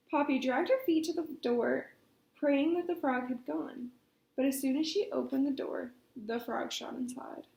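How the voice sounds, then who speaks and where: A woman reading a children's storybook aloud at a storytime, expressive and animated. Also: high voice, moderate pace, gravelly. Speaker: storytime reader. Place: library. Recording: echoey room.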